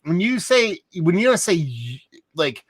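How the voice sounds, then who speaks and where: Man, higher voice, dry close sound, animated and profane, casual podcast talk. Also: unhurried, slightly rough, dry recording. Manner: animated, profane, swings loud and soft. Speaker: podcast co-host. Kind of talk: casual chat.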